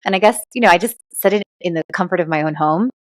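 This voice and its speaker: A Cuban-American woman, a guest on a podcast, chatting casually and telling animated stories with plenty of fillers. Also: on the low side, fast talker, no room sound. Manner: animated storyteller, many fillers. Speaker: guest, intuitive reader and author.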